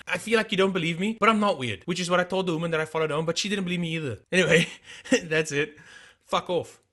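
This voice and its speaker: A man's voice: high voice, quick pace, fairly bright tone. A man hosting a casual movie review vlog, rambling off on tangents with plenty of swearing and sarcasm.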